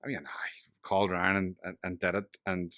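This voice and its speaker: A man with a Belfast accent, a podcast guest telling lively anecdotes, swearing freely and laughing at his punchlines. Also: low-pitched, normal speed, no echo, studio quality. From West Belfast, Northern Ireland. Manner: animated yarn-spinning, swears freely, laughs through punchlines. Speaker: podcast guest, local politician. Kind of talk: casual storytelling chat.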